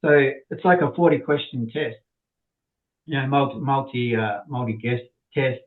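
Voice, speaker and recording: Middle-aged male guest, casual rambling storyteller, mid-pitched, heard down a tinny phone line. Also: normal speed, echoey room. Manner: rambling, repeats words, acts out quoted people. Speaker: interview guest.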